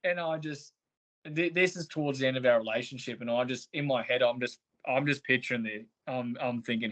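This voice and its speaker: Brisk and fairly bright, this medium-pitched man is a podcast guest recounting his own story in a candid interview. His tone is blunt and resentful, and his language is full of profanity.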